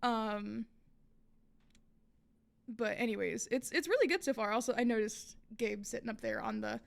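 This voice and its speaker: A woman's voice: a little high, lively intonation, moderate pace, gravelly. Chatty woman reacting to a musical. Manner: chatty, many fillers and restarts. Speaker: reaction video host. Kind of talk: casual reaction commentary.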